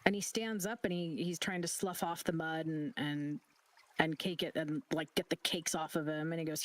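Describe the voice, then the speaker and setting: A game master narrating a tabletop role-play scene in close detail, with halting restarts. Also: mid-range voice, fairly even intonation.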